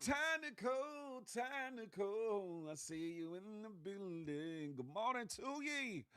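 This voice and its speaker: A man hosting a casual livestream morning show, giving playful slangy shout-outs to viewers and hyping up the day. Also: sits high, sing-song, unhurried, clean tone, no echo, clean studio sound. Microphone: phone.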